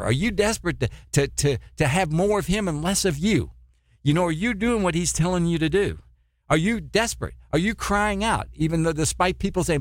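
A man's voice: high-pitched, animated, brisk, dry recording, studio quality. A man preaching a sermon as a missionary, fervent, full of rhetorical questions and repeated words.

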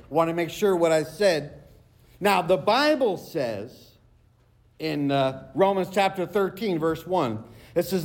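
A high-pitched male pastor delivers a sermon. He reads long scripture passages, slowing down to stress key phrases. His voice sits well above most men's. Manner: preaching, quotes scripture at length with slow emphatic phrases.

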